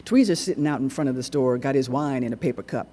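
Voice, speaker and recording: A man performing a dramatic monologue on stage, narrating in an animated, dialect-rich storytelling voice. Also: mid-range voice, fast. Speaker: solo performer. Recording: echoey hall recording.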